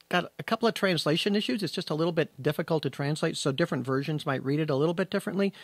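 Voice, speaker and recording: A man gives a verse-by-verse Bible lesson, talking in an easy conversational way but leaning hard on the words he wants to stress. His voice sits a little higher than most men's. The sound is dry and close, with no room echo. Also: vocal fry. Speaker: Bible teacher.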